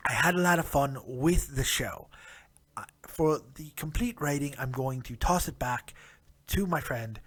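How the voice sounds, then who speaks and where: A man's voice: mid-range voice, lively intonation, unhurried, fairly bright tone, slightly rough. A man voicing a sarcastic, mock-proper British alter ego of himself in a put-on British accent, reviewing wrestling with dry, formal sarcasm. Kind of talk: comic wrestling review in character.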